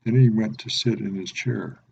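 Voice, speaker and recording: A man reads a children's picture book aloud in a gentle, expressive storytelling voice. His voice is low and mellow, and the recording sounds slightly dull with a faint hiss underneath. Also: moderate pace, vocal fry.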